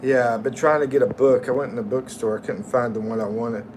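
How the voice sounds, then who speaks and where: This livestream host is a middle-aged American man with a medium-pitched, steady voice, heard over a noisy background. In a slow, friendly way, he reads viewers' comments and names aloud and makes casual conversation.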